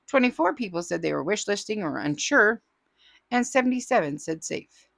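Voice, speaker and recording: A chatty woman hosting a crafting channel and reading viewer comments aloud. Her pitch jumps around a lot as she trades playful, teasing asides. The sound is close and dry, with no room echo. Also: expressive, normal speed, vocal fry, a bit bright.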